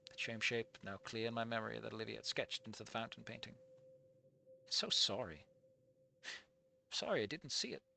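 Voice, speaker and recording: A man reading a first-person fan story aloud and breaking off to critique it, moving between hushed reading and loud, excitable remarks. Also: on the low side, moderate pace, gravelly, pauses often, a little hiss or hum. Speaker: fan fiction reader and critic.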